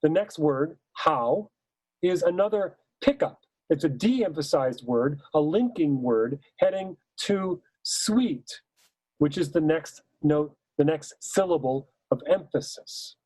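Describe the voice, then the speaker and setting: A man explaining how choirs should shape a musical line, talking slowly and with warm, mellow weight on the words that matter. His voice sits a touch high for a man and sounds dry and close, as if recorded right at the mic. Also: expressive, husky, dry recording, rough recording. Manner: measured, emphatic, sings short hymn phrases to demonstrate. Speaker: choral music teacher. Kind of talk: instructional talk.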